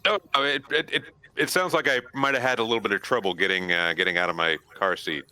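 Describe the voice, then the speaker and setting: A man's voice: fairly low pitch, fairly even intonation, quick pace, bright, forceful tone, no echo. A man playing a tabletop role-playing game, joking and self-mocking. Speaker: player. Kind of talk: casual tabletop play.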